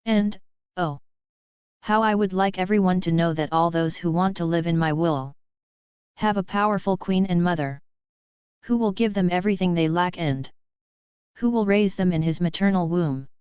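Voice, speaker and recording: Woman reading devotional text slow and reverent, dry close sound, kinda muffled lo-fi. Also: on the low side, smooth, dry recording. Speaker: reader of devotional writings. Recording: dull lo-fi recording.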